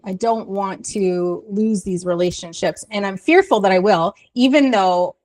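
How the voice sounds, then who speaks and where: Earnest woman reflecting aloud. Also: medium pitch. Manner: earnest, thinking aloud with "um" and "you know". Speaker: podcast conversation partner. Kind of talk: casual reflective chat.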